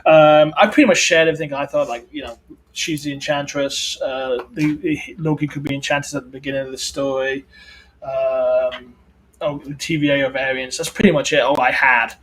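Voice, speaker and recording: A man's voice: medium pitch, steady tone, normal speed, fairly bright tone, rough recording. A man co-hosting a casual pop-culture podcast, rambling with frequent restarts and stumbles. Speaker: podcast co-host. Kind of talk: casual chat.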